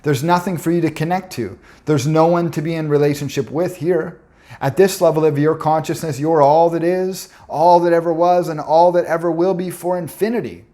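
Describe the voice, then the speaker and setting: A man's voice: fairly high pitch, fairly even intonation, moderate pace, dark tone, pitched above the performer's own voice, close to an everyday voice. A man voicing a serene motherly plant spirit. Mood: solemn. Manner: solemn, preaching repetition.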